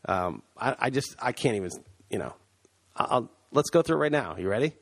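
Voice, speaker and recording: A man's voice: medium pitch, sing-song, brisk. A man co-hosting a podcast in casual chat, loose and rambling, laughing as he talks, recorded on a computer mic. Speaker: podcast co-host. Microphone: computer mic, remote call.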